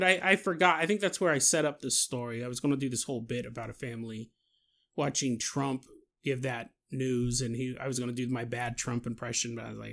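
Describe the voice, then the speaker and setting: A man hosting a podcast, telling a story in a chatty, animated way with laughs and asides. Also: medium pitch, fast talker. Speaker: podcast host. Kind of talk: casual storytelling monologue.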